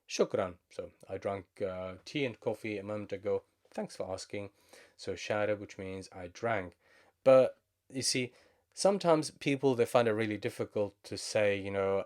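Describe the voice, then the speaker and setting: A man with a Levantine Arabic accent teaches a language lesson. His voice sits fairly low. He speaks patiently and moves back and forth between English explanations and Arabic example phrases.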